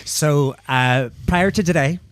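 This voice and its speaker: A man's voice: fairly high pitch, slow pace, no room sound, studio quality. A Northern Irish man co-hosting a podcast, chatting casually and explaining local words with an easy laugh. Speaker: podcast co-host.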